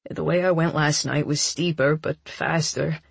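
A woman voicing a gentle young man who speaks softly and haltingly, full of quiet guilt. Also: steady tone, vocal fry, breathy edge, no room sound, heavily acted. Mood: soft, earnest. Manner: soft, halting, low-key.

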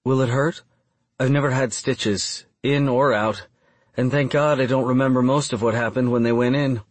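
A man voicing an eager, playful young woman in an audiobook, with lively rising questions. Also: mid-range voice, moderate pace, dry recording, pitched above the performer's own voice, close to an everyday voice. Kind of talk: audiobook character voice.

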